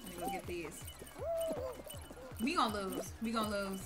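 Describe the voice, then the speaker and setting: A young woman hosting a gaming livestream, chatting casually, thanking viewers and reacting loudly with some cursing. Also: mid-range voice, expressive, moderate pace. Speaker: livestreaming gamer, host. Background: game music.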